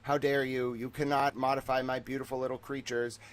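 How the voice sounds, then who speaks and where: A man's voice: medium pitch, flat delivery, fairly quick, lightly acted. A man voicing God scolding people in an indignant manner. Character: stern scolding God, male, all-powerful.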